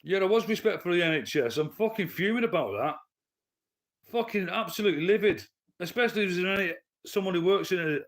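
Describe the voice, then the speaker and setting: Blunt male streamer, slightly high voice, swearing and ranting at chat from his lounge. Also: lively intonation, brisk. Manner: blunt, profane, heated. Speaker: livestreamer and commentator. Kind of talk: live stream rant to chat. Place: his living room at home.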